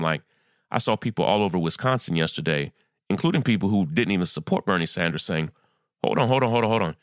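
A man's voice: low voice, dry recording, clean studio sound. A man hosting a solo commentary podcast, talking earnestly and repeating phrases for emphasis. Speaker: podcast host.

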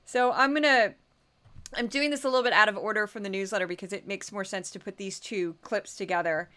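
Animated Missouri-accented woman host, bright and sharp. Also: mid-range voice, a little fast. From Midwest US. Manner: chatty, animated, often laughing. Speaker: podcast host. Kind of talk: casual commentary.

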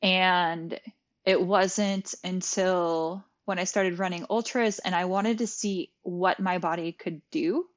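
A woman's voice: fairly low pitch, fairly even intonation, slow pace. A young adult woman and yoga teacher, talking as a podcast guest, telling her story candidly with lots of "like". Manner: candid, frequent "like", acts out her own past thoughts. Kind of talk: conversational storytelling.

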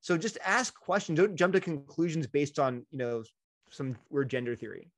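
A middle-aged man with a voice sitting somewhat above the usual male range talks through his answer in a lively, conversational way. He often slips into brief acted-out quotes of other people. The tone stays that of an engaged interview guest. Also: on the high side, normal speed. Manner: animated, acts out quoted voices. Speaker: guest speaker.

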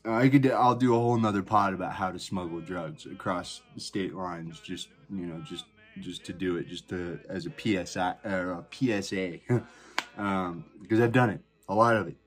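A man's voice: deep voice, moderate pace, fairly bright tone. A man hosting a podcast, telling a personal story in a rambling, profane way full of fillers and restarts. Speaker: podcast host. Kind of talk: casual storytelling.

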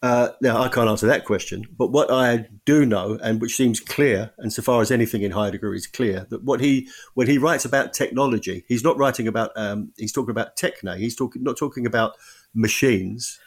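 Halting, thoughtful man. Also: medium pitch. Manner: thoughtful, halting, frequent restarts. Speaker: author and guest. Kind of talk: podcast interview.

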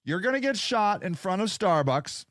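A man's voice: high-pitched, sing-song, moderate pace, a bit bright, no echo, studio quality. A man ranting in a casual, angry and sarcastic way, swearing often as he tells a story. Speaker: podcast host. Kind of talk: casual rant.

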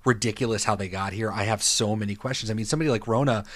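A man's voice: lowish voice, racing, no room sound, studio quality. A man co-hosting a podcast, ranting in casual chat with frequent swearing and exasperation. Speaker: podcast co-host.

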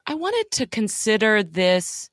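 A woman's voice: mid-range voice, sing-song, takes it slowly, no echo, studio quality. A woman co-hosting a podcast in casual chat, blunt and sardonic, swearing freely. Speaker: podcast co-host.

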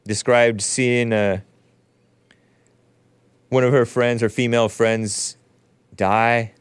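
A man's voice: on the low side, clean tone, no room sound. A man hosting a talk show, commenting sarcastically in a rambling, casual way, often laughing at his own remarks. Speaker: show host.

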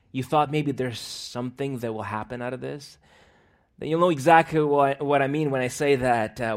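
After opening in prayer, this preacher shares a personal story in church, punctuated by frequent laughter. His medium-pitched voice shifts between loud bursts and quiet asides.

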